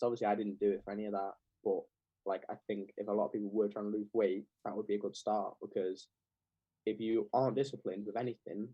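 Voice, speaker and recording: A man's voice: lowish voice, breathy edge, no echo, highs cut off. A young man, chatting casually as a podcast guest and scattering "like" through his sentences. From England. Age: young adult. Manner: rambling, heavy with "like" fillers. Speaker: clothing brand founder, guest.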